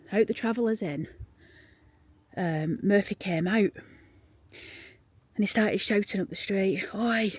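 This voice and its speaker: A woman's voice: fairly low pitch, no room sound. Chatty Yorkshire woman in a graveyard. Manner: chatty and rambling, drops to a hushed whisper when showing graves. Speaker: vlogger and graveyard guide. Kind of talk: casual storytelling walk-through. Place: outdoors in a churchyard.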